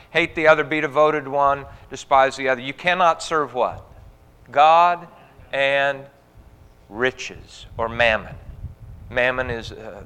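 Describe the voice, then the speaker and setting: Male pastor, earnest sermon delivery, voice a touch high, long hall reverb. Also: a bit bright, clean tone. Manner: earnest preaching, rising emphasis on quoted scripture.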